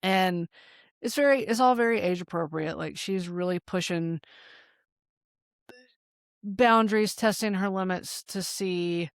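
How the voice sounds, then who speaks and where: Woman, 30s, podcast co-host, casual storytelling, gravelly, animated, swears, dry close sound. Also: on the low side, unhurried, long pauses, no echo. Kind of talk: casual chat.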